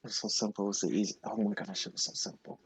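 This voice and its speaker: A man's voice: lowish voice, lively intonation, racing, breathy edge, poor audio. A man voicing a distraught character who mutters brokenly to himself, torn by guilt. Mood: anguished.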